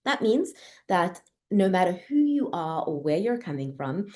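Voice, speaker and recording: Low, mellow-voiced woman panelist. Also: very animated, unhurried. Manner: articulate, explanatory, asks rhetorical questions. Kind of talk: panel discussion.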